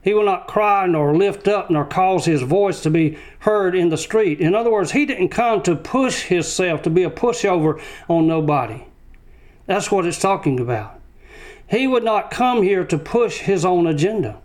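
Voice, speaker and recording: A man's voice: sits high, lively intonation, moderate pace. A man delivers a sermon. He hammers each point with short, repeated phrases. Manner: emphatic repetition of short phrases. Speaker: preacher.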